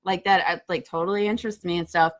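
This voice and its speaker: A woman in her thirties co-hosting a casual chat, chatty and quick to laugh. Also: on the low side, fairly even intonation. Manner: chatty, reads dating messages aloud with laughs. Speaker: podcast co-host.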